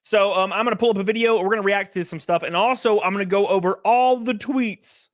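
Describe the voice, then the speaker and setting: A middle-aged man, hosting a casual livestream, joking loudly and reading out chat messages. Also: high-pitched, a little fast, no room sound, studio quality. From Alabama. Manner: loud, joking, reads chat. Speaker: streamer host. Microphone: headset.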